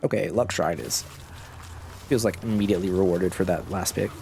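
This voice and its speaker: Gravelly-voiced man with a sore throat. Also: fairly quick, dark tone, soft background music. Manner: low-key, musing aloud while playing. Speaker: gaming channel host. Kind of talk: casual gameplay commentary. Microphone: cough drop in mouth.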